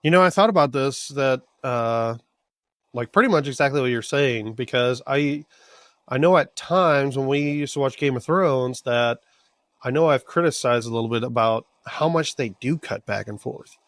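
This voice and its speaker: A man's voice: mid-range voice, moderate pace, dry recording, clean studio sound. A man co-hosting a podcast who chats about a TV episode in an easygoing, agreeable way and laughs often. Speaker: podcast co-host. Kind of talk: casual TV recap chat.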